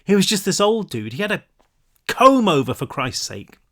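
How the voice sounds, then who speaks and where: A man's voice: high voice, very animated, moderate pace, fairly bright tone, pitched above the performer's own voice, full character voice. A man voicing a bewildered teenage boy in a storybook reading, casual and incredulous.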